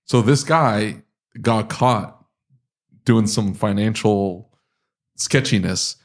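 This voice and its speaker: A man's voice: on the low side, takes it slowly. A man with a northern US accent hosting a casual talk show, joking and cutting in often. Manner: joking, talkative, often cuts in. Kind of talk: casual chat.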